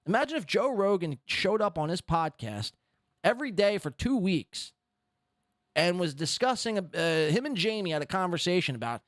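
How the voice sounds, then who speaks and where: A podcast host with a high, very lively voice. He talks in a sarcastic, mocking way and rants as he picks apart what he has just heard. The sound is close and dry. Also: moderate pace, no echo. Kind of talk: commentary on a played clip.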